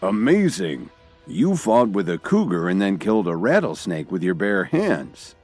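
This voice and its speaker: A man doing a loud, brash rich heir. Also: low-pitched, very animated, unhurried, soft background music, heavily acted. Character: young male heir, loud and confident.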